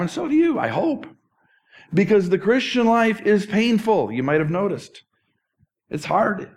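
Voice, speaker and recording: Speaking in a higher-leaning voice, a middle-aged man preaches a chatty sermon. He's lively and pokes fun at himself, with bits of humor along the way.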